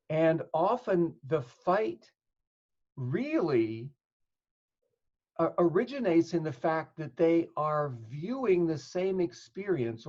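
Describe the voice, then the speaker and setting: Man explaining in dull lo-fi audio. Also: a little high. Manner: thoughtful, explains with examples and plays out dialogue. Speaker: psychotherapist guest. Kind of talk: explanatory interview talk.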